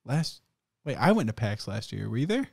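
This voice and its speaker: A young man spins loose stories on a podcast and laughs his way through them, swearing as he goes. His voice sits at a middle pitch and sounds close and dry. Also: sing-song, normal speed, vocal fry, a little mellow, slightly rough, no room sound. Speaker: podcast co-host. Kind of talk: casual chat.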